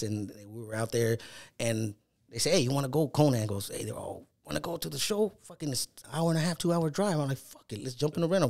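A man's voice: medium pitch, darkish tone. A middle-aged man telling stories as a guest, swearing often and acting out the voices of people he quotes. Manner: profane, acts out quoted voices. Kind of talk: casual storytelling.

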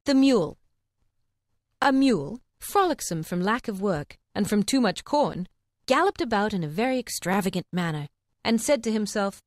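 A woman narrating a storybook audiobook, her voice rising and falling with animated expression. The delivery is clear and deliberate, recorded dry and close with no room sound. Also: mid-range voice, no room sound.

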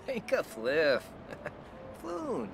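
A man's voice: high-pitched, huge pitch swings, very slow, gravelly, breathy edge, exaggerated voice. A man voicing a video game character who chimes in with short invented gibberish phrases. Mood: playful.

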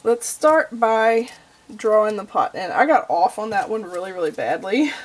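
A woman's voice: mid-range voice, expressive, moderate pace. A young adult woman with a Texan accent giving a homey, chatty crafting tutorial, full of y'all and okay. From Texas.

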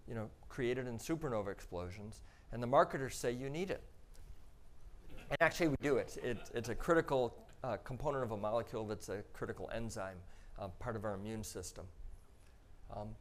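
A man explaining slides in a relaxed, conversational way. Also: medium pitch. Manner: conversational, explaining step by step with frequent "um" and "you know". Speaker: astronaut giving a public talk. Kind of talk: slide presentation to an audience.

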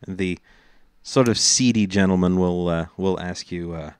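A man running a tabletop game as game master, narrating with many pauses and restarts. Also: low-pitched, clear, resonant tone, dry recording. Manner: hesitant, lots of uh and restarts, laughs often.

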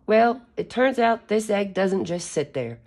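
A woman's voice: medium pitch, lively intonation, measured pace, darkish tone. A woman reading a children's picture book aloud in a careful, teacher-like way. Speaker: story reader for children.

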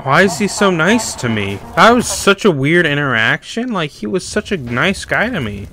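A man giving loud, excitable commentary while playing a video game, often yelling and repeating himself in panic. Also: on the high side, moderate pace. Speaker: gamer. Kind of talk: let's play commentary. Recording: game music behind voice.

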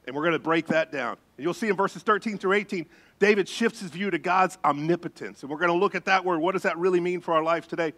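A middle-aged man, a pastor, preaching a sermon with animated storytelling. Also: on the high side. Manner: animated storytelling, acts out voices.

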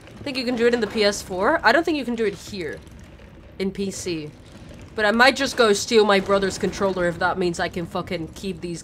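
A young woman streaming a game live. She swears a lot and swings between panicked shrieks and low mumbles. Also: fairly bright tone, a little hiss or hum. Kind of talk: live gameplay commentary.

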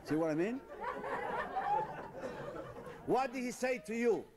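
A man doing stand-up as a mock language lesson, with deadpan teacherly drills and slow, exaggerated pronunciation. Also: extremely high pitch, crowd noise. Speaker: comedian. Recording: noisy live comedy recording.

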